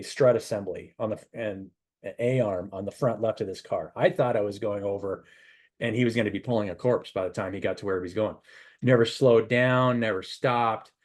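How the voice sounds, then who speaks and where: A middle-aged man, a spiritual advisor, telling a rambling, animated story and giving casual advice. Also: medium pitch.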